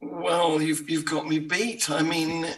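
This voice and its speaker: A man's voice: fairly high pitch, level tone, takes it slowly, a bit bright, breathy edge, distant mic. A man speaking as a guest on a casual radio panel, with dry, wry remarks.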